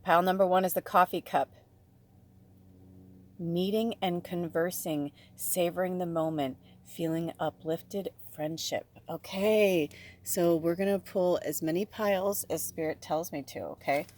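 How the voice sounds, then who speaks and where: Speaking a little slowly in a fairly low, slightly mellow voice with fairly even intonation, a woman gives her viewers an emotional spiritual card reading. She's a tarot reader, and she addresses them directly in a gushing way.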